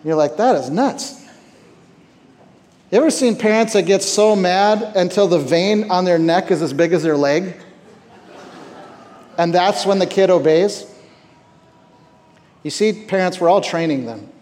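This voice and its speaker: A man's voice: high voice, a little slow, pauses often, darkish tone. Man preaching in an echoing hall. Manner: conversational preaching with repeated words and rhetorical questions. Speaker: camp speaker. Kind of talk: sermon. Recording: reverberant hall.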